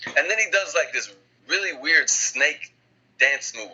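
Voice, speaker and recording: A man guesting on a podcast, telling a story in a rambling, animated way with many restarts. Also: mid-range voice, a little slow, slightly rough, muffled recording. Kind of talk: casual podcast chat.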